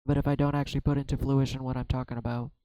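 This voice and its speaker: Man, mellow voice, flat pitch, halting self-searching talk, tarot reading, dry close recording. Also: dry recording, low-quality recording. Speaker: tarot reader. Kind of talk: reflective solo tarot vlog.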